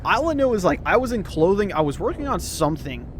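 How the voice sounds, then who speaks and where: A man's voice: high-pitched, sing-song, fast talker, a little hiss or hum. A young man telling a rambling story in casual chat, swearing, laughing often and full of fillers. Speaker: storyteller host.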